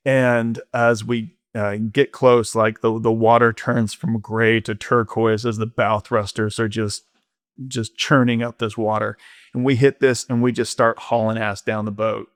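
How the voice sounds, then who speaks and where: A man's voice: lowish voice, little pitch movement, unhurried, no room sound, studio quality. A man, a podcast guest, telling an ocean-rowing story candidly, rambling with lots of fillers. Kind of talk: casual storytelling interview.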